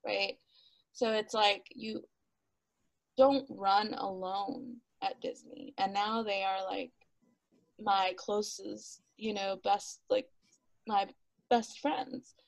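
A woman's voice: medium pitch, slow, vocal fry, long pauses, no room sound, rough recording. A woman, a guest on an interview podcast, telling her story casually with frequent laughs and acted-out quotes. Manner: animated, laughs often, acts out quotes, many "like" fillers.

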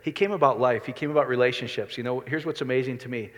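A man's voice: medium pitch, quick pace. A middle-aged man preaching a sermon as a pastor, talking conversationally and asking the congregation questions. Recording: reverberant hall.

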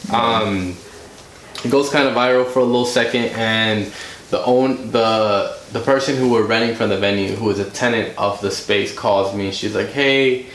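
With a lowish voice at a moderate pace, a podcast guest who works as a music director and producer recounts a story in a relaxed, animated way, voicing the characters' quoted dialogue. The room sounds spacious, with a little background noise.

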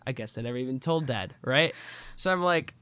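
Young male podcast host, rambling teasing banter, sharp bright tone, dry close sound. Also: medium pitch, lively intonation, a little fast, clear, resonant tone, dry recording. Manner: playful teasing, rambling with restarts. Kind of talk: casual podcast chat.

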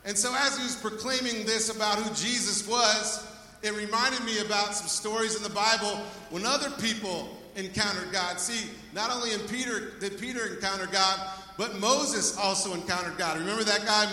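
This is a male preacher with a high, pushed and bright voice, moving at a moderate pace while he calls out for praise from the congregation. The sermon is full of energy. It was recorded far off in an echoey church sanctuary.

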